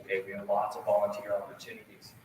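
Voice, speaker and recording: A man's voice: lowish voice, completely flat delivery, fast talker, a little mellow. A man in his thirties or forties speaks to a school concert audience, earnest and loose, with fillers and restarts. He is heard from far across a very reverberant auditorium. Room noise hums underneath. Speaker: band director.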